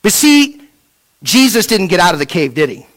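A man preaching a sermon, asking rhetorical questions and repeating words as he restarts, dropping from a raised voice to a hush. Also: high voice, big pitch swings, moderate pace. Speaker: pastor.

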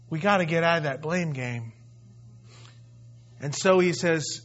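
A man preaching with passion and a conversational touch, often acting out the text he reads. His voice sits high, and the recording sounds muffled and lo-fi. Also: expressive, measured pace, long pauses, fairly bright tone. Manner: impassioned, conversational preaching that acts out scripture. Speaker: pastor. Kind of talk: sermon. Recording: dull lo-fi recording.

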